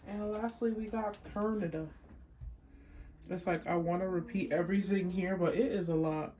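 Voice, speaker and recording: A woman giving a casual pick-a-card tarot reading, chatty and unhurried as she lists card words one by one. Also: fairly low pitch, fairly even intonation, warm tone, slight background noise. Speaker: tarot reader.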